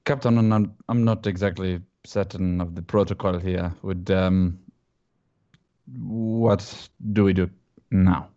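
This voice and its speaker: A man's voice: deep voice, steady tone, takes it slowly, mellow, lo-fi sound. Man playing a earnest cat-folk prince.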